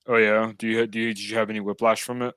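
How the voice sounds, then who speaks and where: A man talks in easy, rambling conversation, full of fillers and restarts. His voice is smooth and resonant. It sounds close and dry, with no room around it. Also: on the low side, level tone, fast, a bit bright, dry recording. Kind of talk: casual chat.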